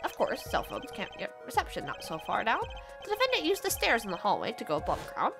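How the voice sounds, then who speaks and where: A woman's voice: medium pitch, wildly swooping pitch, fairly quick, vocal fry, music in the background. A woman streamer voicing a smug middle-aged male prosecutor in a nasal voice, reading game dialogue aloud.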